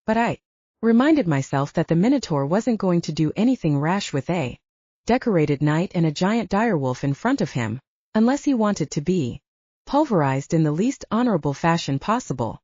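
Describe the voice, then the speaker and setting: Expressive woman narrating an audiobook. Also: fairly low pitch, normal speed, dry recording. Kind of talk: scripted fantasy narration. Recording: dull lo-fi audio.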